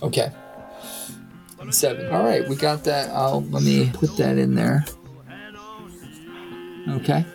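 A man's voice: medium pitch, fairly even intonation, slow, gravelly, pauses often, low-quality recording. A man narrating and running a tabletop role-playing game as game master. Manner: plays several characters with voices. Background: music.

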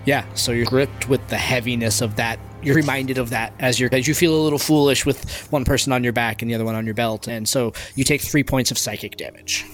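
A man's voice: mid-range voice, steady tone, fairly quick, hardly any pauses, faint music behind. A man acting as game master, describing scenes in a tabletop game with frequent restarts.

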